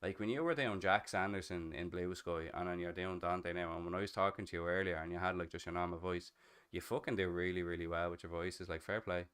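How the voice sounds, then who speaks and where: A man's voice: low-pitched, fairly even intonation, fairly quick, a bit bright, smooth. An Irish man of thirty, a streamer chatting casually over voice chat in a role-play game, slangy and swearing freely with easy laughs. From Ireland.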